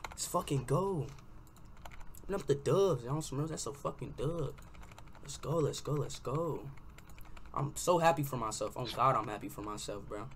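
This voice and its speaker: Brash, loud young streamer guy. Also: a little high, a little hiss or hum. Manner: brash, profane, trash-talking, yelling. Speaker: livestreamer. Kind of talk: loud livestream roasting.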